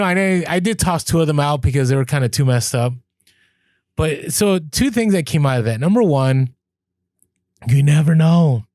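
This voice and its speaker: A man co-hosting a podcast, telling a story in casual chat, animated, laughing as he goes and acting out what people said. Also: on the high side, dry recording, clean studio sound. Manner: animated, laughs through stories, acts out quoted lines. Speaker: podcast co-host.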